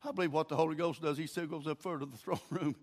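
In rapid-fire bursts, an older man preaches with a Southern accent and a folksy, story-driven style. Quiet, low moments give way to shouting.

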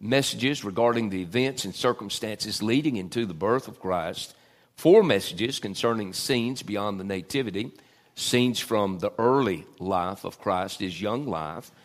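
A man's voice: fairly low pitch, unhurried. A middle-aged man preaching a sermon, with many "uh" fillers and rising emphasis. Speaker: pastor.

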